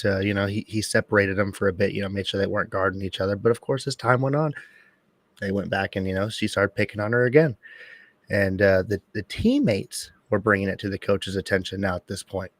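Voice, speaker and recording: A man's voice: on the low side, no echo. Blunt, profane man telling a story. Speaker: podcast co-host. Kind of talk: casual chat.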